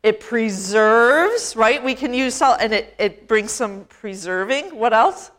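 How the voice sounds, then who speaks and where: Lady pastor preaching in church, kinda high voice, chatty, keeps asking the congregation stuff. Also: expressive, fairly bright tone. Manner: conversational, asks the congregation questions; slow, emphatic phrasing. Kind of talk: sermon. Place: church sanctuary.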